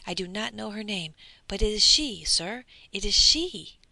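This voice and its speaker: A woman's voice: medium pitch, moderate pace, gravelly, a bit bright, no room sound, voice pushed up. A woman voicing an anxious, devoted male servant, speaking with urgent agitation. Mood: alarmed.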